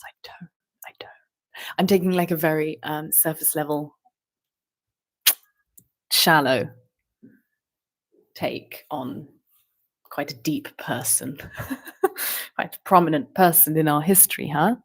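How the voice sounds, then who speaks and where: A woman's voice: deep voice, a little slow, pauses often, a little mellow. A woman vlogger rambling in a stream-of-consciousness monologue, meandering with fillers and rhetorical questions.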